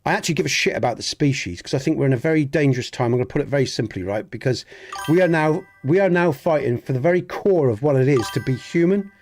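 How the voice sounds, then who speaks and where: Speaking fast at medium pitch with a darkish tone, an English streamer with a Dorset (Southwest English) accent chats casually with viewers during a game stream. He rambles earnestly, keeps restarting, and swears mildly, while faint music plays behind him.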